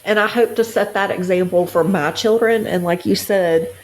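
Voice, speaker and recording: A woman's voice: mid-range voice, normal speed, a little hiss or hum, poor audio. A middle-aged woman co-hosting a podcast, speaking in an earnest, heartfelt and reflective way in casual conversation. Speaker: podcast co-host. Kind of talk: casual chat.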